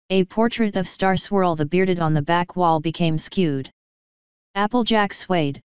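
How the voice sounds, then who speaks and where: A woman reads a fan-written story aloud in a steady, even manner. Her voice is low-pitched and very smooth. The recording is dry and somewhat dull. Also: no room sound. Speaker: fanfiction reader. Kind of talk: storybook narration.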